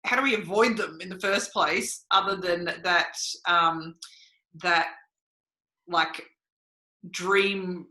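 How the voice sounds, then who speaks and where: A woman hosting a remote webinar over a video call. Her voice is on the low side and sounds bright and forceful. She rambles through her questions with many "like" fillers, and the room around her sounds echoey. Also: slow, long pauses. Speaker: webinar host.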